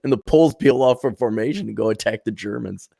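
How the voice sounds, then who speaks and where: A man's voice: medium pitch, fast, creaky, mellow, dry recording, studio quality. Blunt, sarcastic male commentator. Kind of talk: ranting commentary.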